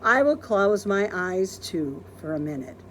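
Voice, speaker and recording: A woman voicing a literal-minded, cheerful young housekeeper in a storybook, speaking in an earnest, polite way with lively pitch. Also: measured pace, a little hiss or hum. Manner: earnest, polite and wide-eyed.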